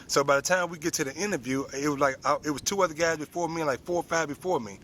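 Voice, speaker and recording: A man's voice: a little high, very fast, few pauses, fairly bright tone, a little hiss or hum. Man telling a story, slangy and heartfelt. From United States. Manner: plain spoken, with street slang. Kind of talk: personal story told to an audience.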